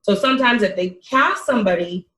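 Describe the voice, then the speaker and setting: A woman's voice: medium pitch, lively intonation, a little fast, pushed and bright. A woman on a podcast panel, thoughtfully reasoning her view aloud. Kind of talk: casual group discussion. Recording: echoey room.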